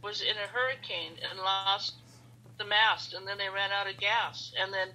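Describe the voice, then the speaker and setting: A woman who is a podcast guest, telling lively anecdotes in conversation. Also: mid-range voice, normal speed, low-quality recording.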